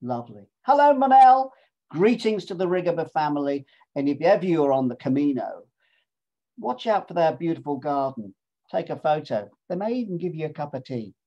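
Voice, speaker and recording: A man's voice: a little high, big pitch swings, fairly quick, mellow, highs cut off. Man, sixties, jolly, chatty, self-mocking travel storyteller. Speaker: speaker presenting his cycling pilgrimage. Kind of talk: casual storytelling talk with travel video clips.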